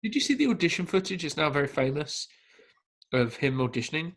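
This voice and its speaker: A man co-hosting a casual film podcast, telling an anecdote in a lively way and acting out the quotes. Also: on the high side, a little fast. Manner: lively storyteller who acts out quotes. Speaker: podcast co-host. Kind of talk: casual podcast chat about films.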